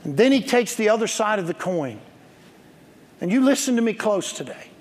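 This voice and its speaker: In the long reverb of a church sanctuary, a male pastor delivers an emphatic sermon, urging the congregation to respond and slipping in humorous stories. He speaks at a moderate pace in a high, sing-song voice.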